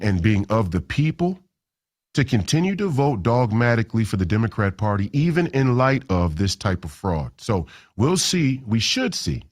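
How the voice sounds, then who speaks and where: A man hosting a political talk show, delivering a combative, emphatic monologue with frequent restarts. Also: fairly low pitch.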